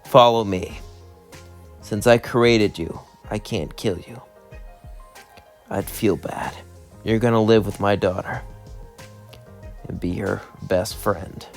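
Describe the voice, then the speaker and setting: A man reading a weary fallen-angel king and father, speaking low and soft in a matter-of-fact way. Firm underneath, without raising his voice. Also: fairly even intonation, slow, vocal fry, pauses often, soft background music.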